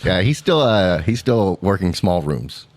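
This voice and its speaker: A man co-hosting a podcast, teasing his friends in quick casual banter. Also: low voice, very animated, darkish tone. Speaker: podcast co-host. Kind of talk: casual chat.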